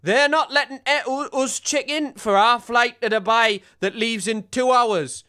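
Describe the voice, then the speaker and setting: A man doing a brash, overwrought Newcastle man who is frantic about his stranded dog, in a squeaky voice well above the speaker's usual. It comes across loud and whiny, with bright, clean sound. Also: unhurried, clear, resonant tone, full character voice. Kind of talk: mock reading of a tweet.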